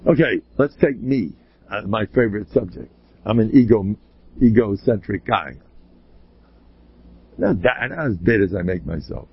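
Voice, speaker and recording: A man, a rabbi, delivering a blunt and emphatic Torah lecture full of rhetorical questions, often pushing up into high exclamations. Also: expressive, unhurried, pauses often, breathy edge. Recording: slightly dull, lo-fi recording.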